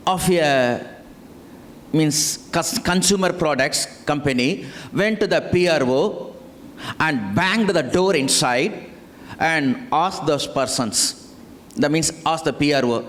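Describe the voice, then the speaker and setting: A man, a swami giving a deliberate, storytelling spiritual talk to teachers. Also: a little high, a little hiss or hum. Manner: storytelling, acts out dialogue, deliberate with restarts.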